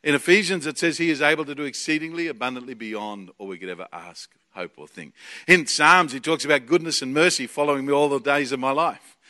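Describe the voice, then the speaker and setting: A man with an Australian accent preaching a sermon, excitable and jokey, swinging from loud bursts to quiet asides. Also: medium pitch, quick pace. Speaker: preacher and Bible college teacher.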